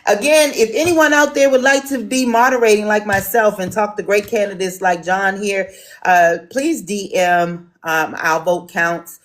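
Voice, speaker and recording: A woman's voice: medium pitch, fairly even intonation, a little slow. A woman from Washington, D.C. moderating an online town hall, talking casually with lots of ums and restarts.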